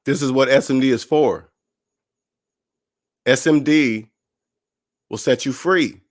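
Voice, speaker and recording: A man's voice: medium pitch, slow. A man hosting his own personal finance channel, talking casually and motivationally, acting out other people's voices in his stories. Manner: animated, acts out others' voices in quotes.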